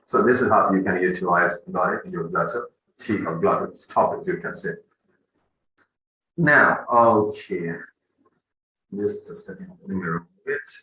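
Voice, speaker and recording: Deep slow man teaching in an echoey room. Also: sharp tone, a little hiss or hum. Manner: repetitive, fills with "okay" and "you know". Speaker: English pronunciation teacher. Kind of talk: online teaching lesson. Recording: echoey room, far from the mic.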